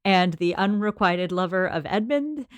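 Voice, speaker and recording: A woman's voice: medium pitch, animated, normal speed, clean tone, dry recording. A woman co-hosting a podcast, leading the segments of a casual book discussion in an organized, talkative way. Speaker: podcast co-host.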